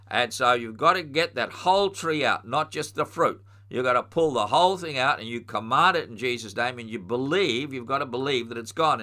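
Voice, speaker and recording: A middle-aged man preaching a sermon, teaching earnestly and rising into forceful spoken commands. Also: medium pitch.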